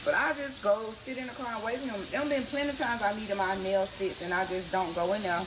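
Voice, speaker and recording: A woman telling a personal story in a casual, animated, slangy way, addressing her listeners directly. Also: medium pitch, fast. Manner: animated, slangy, talks straight to the audience. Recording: background noise under the voice.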